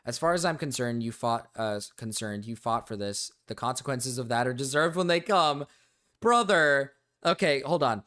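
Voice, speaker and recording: A man's voice: medium pitch, animated, moderate pace, sharp tone. A man streaming live, reacting to online drama with heated, profane ranting and frequent restarts.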